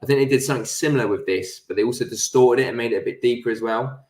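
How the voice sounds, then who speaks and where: A man's voice: medium pitch, very fast, darkish tone. Fields: man, echoey room. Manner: chatty, laughing, swears freely. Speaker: actor and interview guest. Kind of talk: casual interview chat.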